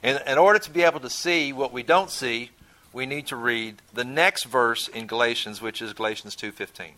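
Guy teaching bible study, bright clear voice, kinda rambly, keeps asking the class questions. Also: mid-range voice, moderate pace. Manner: conversational, repeats words while thinking; asks the listeners questions.

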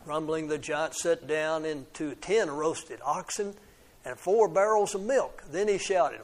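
A man's voice: fairly high pitch, a little slow. A man reading a fairy tale aloud to children, adding little asides to the kids and stumbling now and then over words. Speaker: storyteller.

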